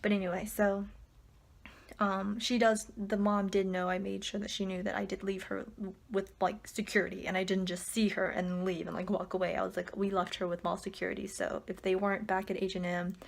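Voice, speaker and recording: A woman's voice: medium pitch, brisk, gravelly. A woman vlogging at home at night, casually telling a story full of "like" fillers and acted-out quotes. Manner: chatty, frequent "like" fillers, animated quoted dialogue.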